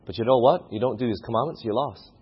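A man's voice: medium pitch, fast talker, husky. A man preaching a sermon who keeps putting questions to the congregation. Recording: muffled lo-fi recording.

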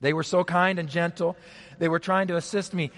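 Higher-voiced man preaching in hushed tones. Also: steady tone, fairly quick. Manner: dramatic retelling, drops to a hushed voice for emphasis. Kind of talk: sermon storytelling.

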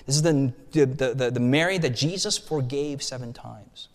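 A man preaching with lively, colloquial emphasis as he acts out scenes for his congregation. His voice sits at a medium pitch. It carries the long reverb of a church sanctuary. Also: normal speed. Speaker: pastor. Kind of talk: sermon.

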